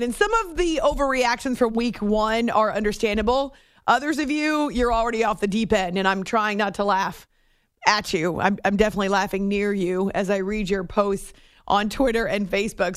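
A middle-aged woman hosting a late-night sports radio show, chatty and animated, in a studio. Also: medium pitch, normal speed, clean tone, no room sound. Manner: chatty, animated storytelling with laughs and restarts. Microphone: studio microphone.

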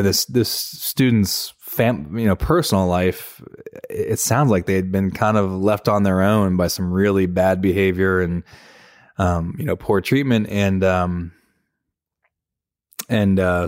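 A male faculty member co-hosting a casual chat, telling stories in a relaxed, teasing way with plenty of fillers. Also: sits low, slow, dry recording, clean studio sound.

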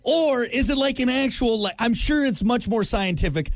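A man's voice: very high-pitched, animated, normal speed. An American man hosting a radio show, joking and rambling in casual banter. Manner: joking, rambling, with frequent impressions. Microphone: studio microphone.

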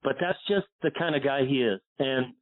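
Over a phone-like line, a mid-range male voice at normal speed belongs to a golf instructor from Pennsylvania. In an interview he rambles through a long personal story, using lots of fillers and becoming emotional.

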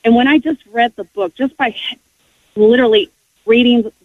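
A woman's voice: a little high, moderate pace, no room sound. Earnest woman on a tinny phone line. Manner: earnest, heartfelt, frequent restarts. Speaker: guest sharing faith testimony. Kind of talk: emotional personal testimony.

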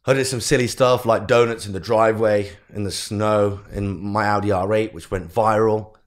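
Low-voiced man telling his story animatedly. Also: moderate pace. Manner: animated storyteller who acts out quotes of family. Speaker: guest entrepreneur. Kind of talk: storytelling in a podcast interview.

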